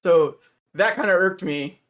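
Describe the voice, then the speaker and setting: A man in casual chat as a stream co-host, rambling with many restarts and trailing off softly. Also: high-pitched, a little slow, muffled recording. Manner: mimics characters with raised excited voice.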